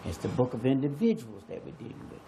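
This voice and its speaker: An American man on an arts panel, talking in a slow and musing way, repeating phrases and pausing often. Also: mid-range voice, very animated, creaky, warm tone, slight background noise. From United States. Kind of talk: slow reflective panel talk.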